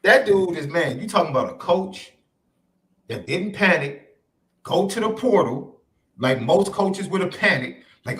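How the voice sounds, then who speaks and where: A man's voice: a little high, moderate pace. A man co-hosting a sports podcast in casual chat, emphatic and repeating his points. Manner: animated, emphatic repetition. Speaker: podcast co-host.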